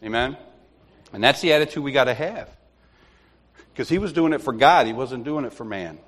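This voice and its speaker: This lay preacher's mid-range voice is expressive and moderately paced as he delivers an informal teaching in a church sanctuary, the sound echoing with long hall reverb. Storytelling drives his talk, and he laughs often while impersonating the people he describes.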